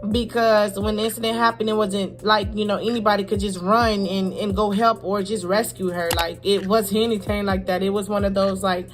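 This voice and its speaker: A young vlogger speaks at an ordinary mid pitch, telling a personal story to camera. She talks in a halting, heartfelt way, repeats herself and uses casual slang. Soft music plays faintly underneath. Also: level tone. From Florida.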